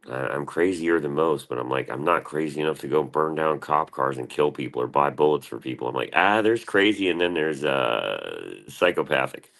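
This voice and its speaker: A young man streaming in the morning, rambling and cursing, and talking about himself in the third person. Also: extremely low pitch. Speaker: live streamer.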